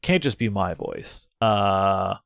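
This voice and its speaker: Excitable young man thinking out loud. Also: medium pitch, a little slow. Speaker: game let's player. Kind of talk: casual gameplay commentary.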